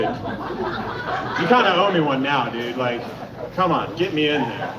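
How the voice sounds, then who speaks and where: A man doing a stand-up comedy set in a club, telling stories loudly with sudden shouts. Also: a little high, measured pace. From Atlanta, Georgia. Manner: loud, animated storytelling with sudden shouts. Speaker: stand-up comic. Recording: echoey club from far off, noisy.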